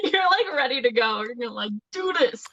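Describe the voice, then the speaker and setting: A woman from the United States chatting casually on a live stream as co-host, adding slow, laughing remarks. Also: high-pitched, very animated, fairly bright tone, no room sound, highs cut off.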